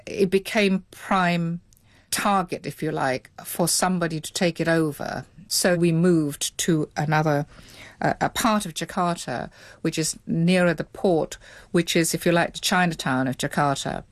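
A woman's voice: lowish voice, normal speed, no room sound. A middle-aged woman, interviewed, recalling her childhood in a reflective, hesitant way with many restarts. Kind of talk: reflective recollection.

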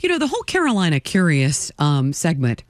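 A woman public radio host talking through a fund drive segment with an animated, expressive delivery. Her pitch swings widely as she chats. It is recorded close and dry on a studio microphone. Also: a little fast, no room sound. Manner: lively, expressive, chatty. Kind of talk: on-air fund drive chat.

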